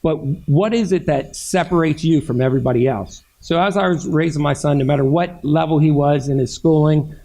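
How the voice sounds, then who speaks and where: A retired man from Frederick County giving an earnest keynote speech at an awards event, talking with frequent halting restarts. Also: on the high side, dark tone, poor audio. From Frederick County, Maryland. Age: older. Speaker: keynote speaker.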